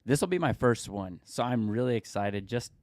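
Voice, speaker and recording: A man's voice: mid-range voice, lively intonation, normal speed, a little mellow, dry recording, clean studio sound. A man co-hosting a podcast, talking in an easygoing, chatty way. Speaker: podcast co-host. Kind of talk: casual podcast chat.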